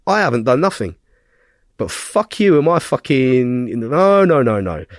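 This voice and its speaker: Here a male podcast guest with a medium-pitched voice recounts a story at normal speed, cursing constantly and speaking bluntly. He is animated and keeps throwing in tag questions to check in with the listener during the casual chat. It's recorded at studio quality with no echo.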